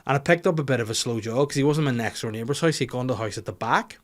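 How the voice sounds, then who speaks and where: A man's voice: medium pitch, quick pace. Sweary Northern Irish man telling stories. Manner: swears freely, rambling animated storytelling. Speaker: comedian podcast host. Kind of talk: casual comic monologue.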